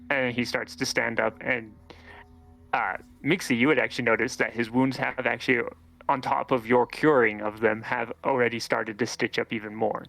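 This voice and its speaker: A man narrating as game master of a tabletop game, relaxed and quick to laugh. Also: medium pitch, gravelly.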